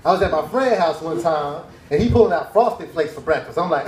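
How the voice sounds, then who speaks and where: Young man, stand-up comedian, laid-back, high voice, roomy cafe stage. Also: expressive, fairly quick, few pauses, noisy background. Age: young adult. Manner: laid-back, laughing asides. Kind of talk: stand-up routine.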